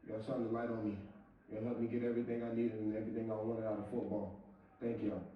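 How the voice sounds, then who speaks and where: A man's voice: fairly low pitch, flat delivery, quick pace, lo-fi sound. A young man giving a heartfelt, thankful acceptance speech, heard from a broadcast. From southern US. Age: young adult. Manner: heartfelt, thankful, emotional address. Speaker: award winner. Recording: echoey hall from far off, broadcast.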